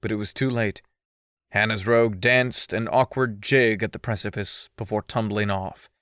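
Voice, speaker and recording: A man's voice: on the low side, fairly even intonation, normal speed, a bit bright, clean tone, no room sound, studio quality. A male audiobook narrator reading a first-person story with a mischievous, teasing manner.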